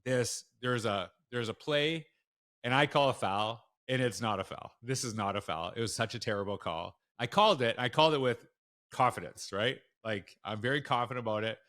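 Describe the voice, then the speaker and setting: A man speaking as a guest on an interview podcast, with a bright and forceful tone. He tells his stories frankly and with animated emphasis. His pitch sits in a middle range for a man. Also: normal speed. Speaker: school leader guest. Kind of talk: conversational storytelling.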